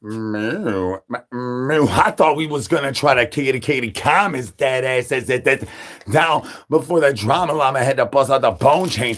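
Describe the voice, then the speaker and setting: A man's voice: mid-range voice, fairly quick, a bit bright. A man doing a crude, absurd comedy monologue, rattling off rhyming nonsense and repeated catchphrases and calling for brains like a zombie. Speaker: comedy streamer.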